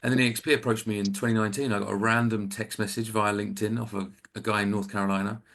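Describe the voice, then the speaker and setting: A man's voice: fairly low pitch, flat delivery, fast, gravelly, fairly bright tone. A man in his forties with an English accent, a guest on a video call, talking in a chatty, self-deprecating way with rambling asides. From England. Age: 40s. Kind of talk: casual video-call chat.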